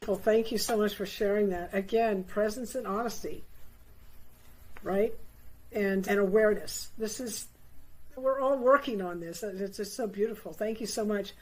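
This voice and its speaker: A woman hosting a panel discussion, affirming and gently encouraging as she hands over questions. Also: mid-range voice, normal speed, poor audio. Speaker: host and facilitator.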